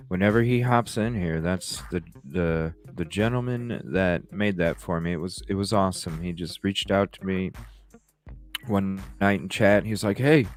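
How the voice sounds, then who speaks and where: A deep-voiced man hosts a live call-in talk stream, chatting casually with viewers. He rambles, swears freely and laughs often.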